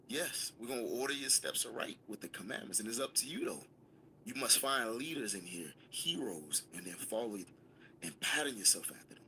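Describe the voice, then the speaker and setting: A man's voice: mid-range voice, animated, normal speed, sharp tone, slight background noise. A man leading a scripture class, emphatic and commanding, calling on a student to read. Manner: emphatic, commanding, call-and-response. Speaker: Bible class teacher.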